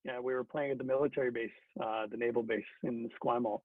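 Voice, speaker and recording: A man's voice: mid-range voice, fairly even intonation, quick pace, no room sound. A middle-aged man who is a former hockey player, telling a story in a chatty, casual way with many fillers and restarts. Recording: dry phone-like sound.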